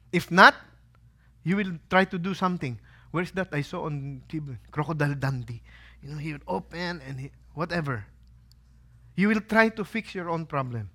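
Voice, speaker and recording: A pastor preaching a sermon, asking the listeners rhetorical questions and acting out quotes in a lively way. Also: male voice, mid-range voice. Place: holy site visit.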